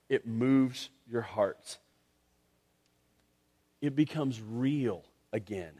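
A man's voice: a little high, unhurried. A man preaching a sermon as pastor, earnest and rising to impassioned reading of scripture.

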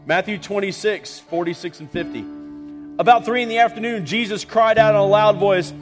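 A man's voice: high voice, normal speed, soft background music. A man preaching a sermon as pastor, earnest and rising to impassioned reading of scripture.

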